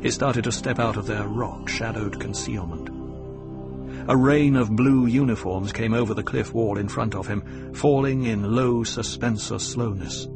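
A man narrating an audiobook in a measured, dramatic reading. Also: mid-range voice. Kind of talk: scripted narration.

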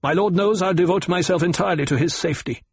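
A man's voice: high voice, quick pace, vocal fry, husky, no room sound, voice pushed up, exaggerated voice. A man voicing a deferential, dutiful guard corporal who speaks respectfully in an audiobook.

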